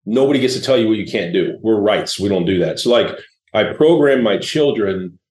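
A man's voice: lowish voice, expressive, brisk, a little mellow, echoey room. A man in his forties, a guest entrepreneur telling blunt, laid-back stories in a casual interview.

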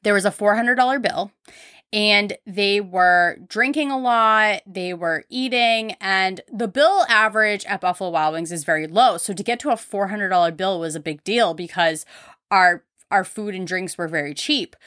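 Young woman podcaster, candid chatty storyteller, bright tone, dry studio sound. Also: medium pitch, moderate pace, dry recording. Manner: candid, frequent "like" fillers. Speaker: podcast host. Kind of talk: casual storytelling.

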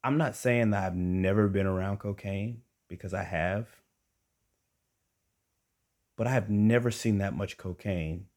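A deep-voiced young man spinning a comic tale from his own life. He is animated and conversational and talks straight to his listeners. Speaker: storyteller and podcast host. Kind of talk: comic personal storytelling.

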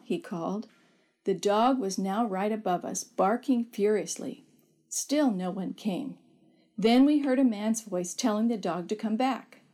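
A woman narrating a first-person story in a measured, expressive reading voice. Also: mid-range voice. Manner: measured, expressive reading that lifts her voice for shouted quotes.

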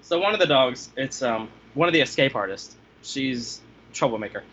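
A man tells pet-sitting stories in a casual chat, acting out his own past reactions with animated energy. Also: mid-range voice, moderate pace, heavy background noise. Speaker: podcast guest telling pet-sitting stories. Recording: slightly dull lo-fi sound.

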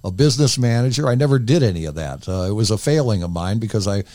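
A man's voice: on the low side, expressive, fast talker, warm tone, no room sound. An older man, a former radio DJ, tells candid stories in a casual interview and rambles into many asides.

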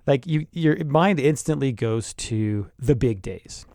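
A man co-hosting a casual podcast, an animated storyteller who laughs often and acts out what others said. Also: mid-range voice, slow, dry recording. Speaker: co-host, deacon. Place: home studio in a basement closet.

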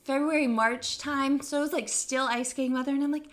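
A young woman who grew up in Africa, telling a story in casual chat and acting out quotes in a squealing voice. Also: a little fast. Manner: animated, acts out quotes in a squealing high voice. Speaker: podcast co-host telling a story.

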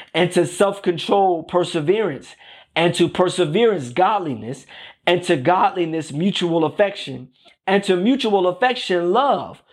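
Man, preacher, high voice, casual sermon, repeats himself, keeps asking "right?". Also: husky. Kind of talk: conversational sermon.

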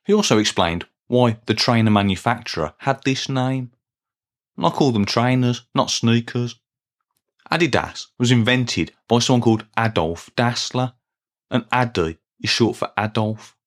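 A middle-aged podcast host from Birmingham, England, delivers a scripted comic monologue in an earnest, deadpan way. His pitch sits in an ordinary middle range, and he plods along at a steady, moderate pace.

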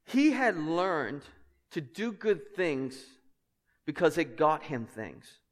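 A man's voice: big pitch swings, takes it slowly. A man preaching a sermon as pastor, passionate and emphatic, with conversational asides to his congregation. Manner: passionate, emphatic preaching that climbs in pitch and volume. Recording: long hall reverb.

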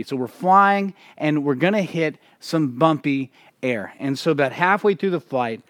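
A pastor preaching a sermon, praying and telling a story with emphatic delivery and frequent restarts. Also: male voice, fairly high pitch, animated, moderate pace, few pauses, fairly bright tone, dry recording, studio quality.

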